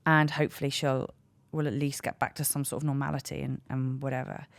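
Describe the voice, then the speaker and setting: Low-voiced comedian lady in her 30s, rambly self-mocking storytelling, dry close mic. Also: little pitch movement, a little fast, creaky, no room sound. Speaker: podcast host and stand-up comedian. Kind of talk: candid comic storytelling. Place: podcast studio.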